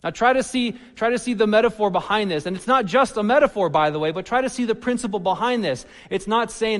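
A man preaching a sermon, animated, swinging between loud emphasis and soft asides. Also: high-pitched, brisk, hardly any pauses, in a large hall. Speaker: pastor.

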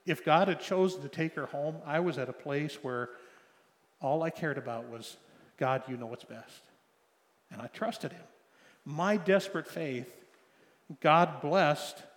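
A middle-aged man preaching a sermon, telling a personal story with emotional swings from loud pleading to soft hushed tones. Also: medium pitch. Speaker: pastor. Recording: long hall reverb.

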